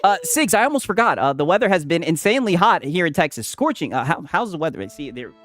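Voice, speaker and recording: A man streaming reactions in loud, excitable, teasing chat, swearing a lot. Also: fairly high pitch, quick pace, soft background music.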